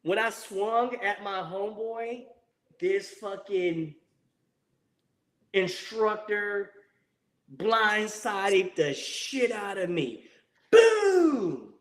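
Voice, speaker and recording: A man in his forties, a former Marine guest, telling a war story in casual, profane, animated fashion with frequent laughter. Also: high-pitched, extremely slow, pauses often.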